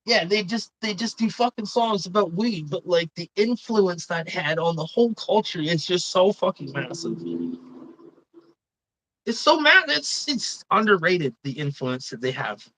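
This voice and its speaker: A woman's voice: lowish voice, expressive, measured pace, fairly bright tone, dry recording, poor audio. Swearing, indignant woman streamer, dry mic. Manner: swears a lot, indignant and opinionated. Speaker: live stream host. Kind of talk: casual live stream chat.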